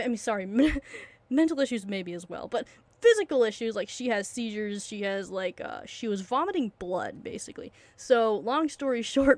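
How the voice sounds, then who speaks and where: A young woman telling a long story in a casual, rambling way, full of fillers and restarts, excitable and often losing her train of thought. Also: fairly high pitch, dry recording.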